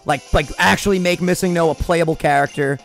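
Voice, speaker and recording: A man in his twenties hosting a casual Let's Play, talking in energetic, joking, profane banter. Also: on the high side, fairly quick, creaky, soft background music. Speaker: gaming host.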